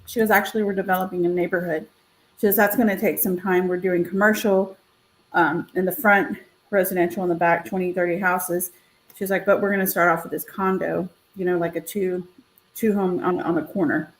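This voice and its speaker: On a live stream, a realtor who co-hosts tells a casual story over a video call, animatedly voicing the people she quotes. Her voice sits on the low side, she speaks a little fast, and the recording is rough.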